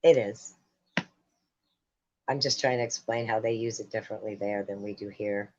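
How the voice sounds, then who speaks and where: A man's voice: on the low side, steady tone, moderate pace. A man joining a livestream as a panel guest, explaining things in a casual, laid-back way. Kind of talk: casual chat. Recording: dull, lo-fi call-in audio.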